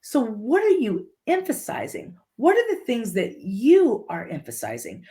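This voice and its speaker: A woman's voice: fairly high pitch, huge pitch swings, a little slow, mellow. Emphatic woman podcast guest. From Litchfield, Illinois, US. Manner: emphatic, repeats key phrases. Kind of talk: motivational storytelling.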